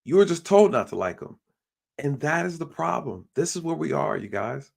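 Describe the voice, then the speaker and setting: A man's voice: a little high, big pitch swings, moderate pace, vocal fry, a little mellow. A man hosting a live stream, talking bluntly in a ranting way and mimicking the people he quotes. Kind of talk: casual opinion talk.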